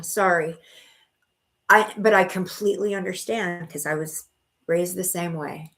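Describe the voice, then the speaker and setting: On her spiritual-reading live stream, a middle-aged woman speaks at a measured pace in a lowish, gravelly, slightly bright voice with fairly even intonation. Her chatty talk is full of restarts and fillers, and she reassures viewers as honey and sweetheart.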